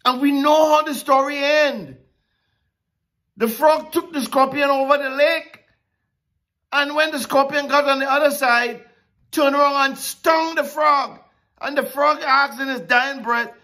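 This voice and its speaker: A woman preaching a sermon, emphatic and drawn-out with dramatic pauses. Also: high voice, sharp tone.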